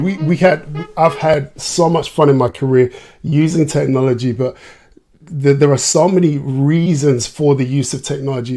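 A man's voice: medium pitch, dark tone. A man on a livestream, a guest education technology trainer explaining things in an eager, upbeat way. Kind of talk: livestream chat.

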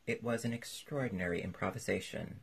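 A man narrating a classic novel as an audiobook in a measured, even reading. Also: lowish voice, creaky, slightly rough.

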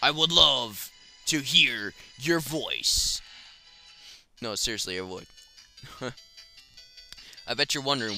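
A young man giving casual let's play commentary, profane and excitable, shouting when he fails. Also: mid-range voice, takes it slowly, pauses often, faint music behind. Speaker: gaming commentator.

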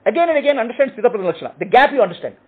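A man's voice: extremely high pitch, very animated, racing, husky. A man teaching and answering questions, explaining in short repeated phrases and checking in with "okay?". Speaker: spiritual teacher. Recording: tinny phone-like audio.

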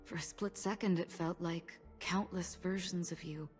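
An actress voicing a calm, cryptic and mysterious woman in a game, speaking in a slow, measured way. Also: on the low side, soft background music, lightly acted. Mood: enigmatic. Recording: game audio with long reverb.

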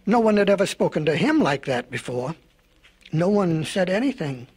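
Brief: male storybook narrator, folksy and meandering, high husky voice. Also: very animated, normal speed, darkish tone.

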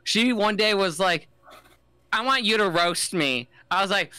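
Lively, bright-voiced young man joking around. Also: sits high, measured pace, clean tone, no echo. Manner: joking, slips into silly voices. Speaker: podcast host. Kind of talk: casual chat.

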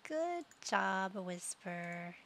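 A woman's voice: medium pitch, sing-song, drawn-out words, vocal fry, fairly bright tone, slight background noise. A young adult woman casually commenting on her gameplay, cooing and doting as she talks to the pets in her game. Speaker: gaming channel host.

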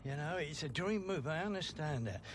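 Brief: male actor as an elderly grandfather, cautious and caring, slightly high voice. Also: expressive, normal speed, close to an everyday voice. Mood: worried. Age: older. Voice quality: gentle, cautioning. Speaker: grandfather in a game cutscene.

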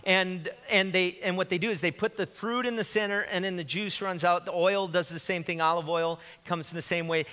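Male pastor, bright high voice, casual joking sermon, reverberant church hall. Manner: conversational, joking, retelling scripture.

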